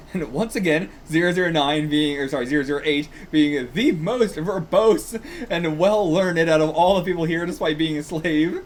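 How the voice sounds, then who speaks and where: A man's voice: a little high, moderate pace, slight background noise. A man hosting a manga reaction, reading aloud casually and rambling, often swearing and laughing.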